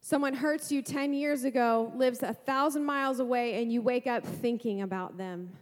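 A woman pastor preaching a sermon to a congregation, lively, asking rhetorical questions and making playful asides. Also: a little high, moderate pace, big-room sound.

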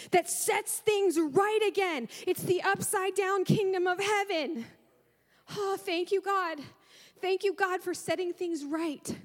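A woman's voice: very high voice, big-room sound. A woman pastor preaching a sermon in a church, fervent and emotional, sighing and repeating her praise. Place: church sanctuary.

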